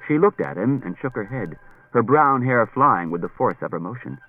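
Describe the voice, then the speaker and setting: A man's voice: medium pitch, animated, normal speed, slightly rough, phone-quality sound. A man reading a novel aloud as an audiobook narrator, telling the story expressively. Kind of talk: scripted narration.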